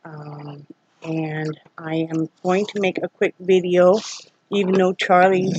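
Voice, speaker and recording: A woman's voice: on the low side, level tone, slow pace, dull audio, very noisy. Chatty woman vlogging from home. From Iowa. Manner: chatty, rambling, scolds her dogs. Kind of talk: casual chat to camera.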